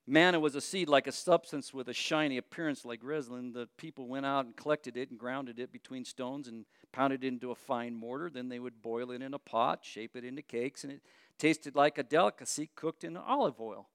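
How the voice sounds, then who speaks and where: A man preaching a sermon in an expressive, conversational way, often asking his listeners questions. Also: mid-range voice, brisk, clean tone, dry recording, clean studio sound.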